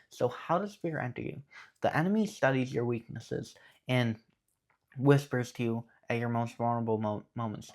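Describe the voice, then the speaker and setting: A young man giving a casual, earnest faith talk to his viewers, often checking in with "okay". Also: mid-range voice. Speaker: Christian YouTuber.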